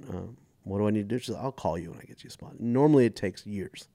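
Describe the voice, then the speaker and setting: A fast-talking guest comedian with a fairly low voice, an American man in his forties, tells stories in relaxed podcast conversation. He animatedly voices the people he quotes, and there's no room sound.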